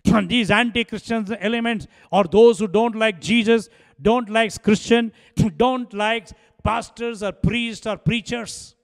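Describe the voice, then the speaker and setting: A man's voice: sits high, steady tone, unhurried, in a large hall. A man preaching a sermon, telling a story with frequent laughs and acting out both sides of a conversation.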